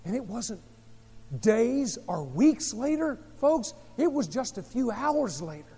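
Pastor, male, high voice, dramatic storyteller, long hall reverb. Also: sing-song, slow pace, breathy edge. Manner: dramatic storytelling with sharp swings in volume. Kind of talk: sermon.

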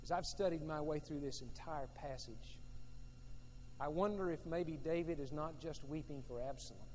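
High-voiced preacher in an echoing hall. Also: male voice, normal speed, a little hiss or hum. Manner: emphatic and repetitive, swinging between loud and hushed. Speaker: pastor. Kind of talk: sermon. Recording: long reverb of a large hall.

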